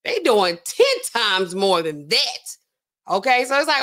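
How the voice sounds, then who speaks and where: A woman hosting a live show, commenting on celebrity gossip in an animated, laughing, slangy way. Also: mid-range voice, a little slow. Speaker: pharmacist host.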